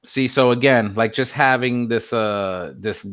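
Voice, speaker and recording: A man's voice: mid-range voice, a little slow, fairly bright tone, clear, resonant tone, no room sound, studio quality. A man co-hosting a casual toy unboxing, describing the figure in an easygoing way with plenty of "um"s. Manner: easygoing, descriptive, many fillers. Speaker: co-host reviewing a toy figure.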